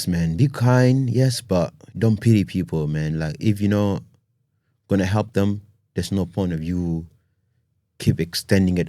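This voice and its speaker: Deep, mellow man in casual podcast talk. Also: no room sound, studio quality. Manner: conversational and earnest, with frequent "you know" and "man". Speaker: podcast host.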